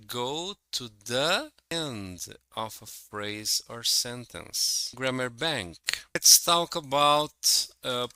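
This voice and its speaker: A man's voice: medium pitch, sharp tone, no echo, low-quality recording. A man teaching an English grammar lesson, explaining carefully and reading out example sentences. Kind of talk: slow, deliberate grammar lesson.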